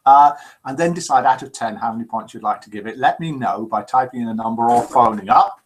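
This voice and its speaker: A man hosting a live call-in show, in a jokey, lively manner, chatting and reading out listener messages. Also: mid-range voice, a little fast, breathy edge.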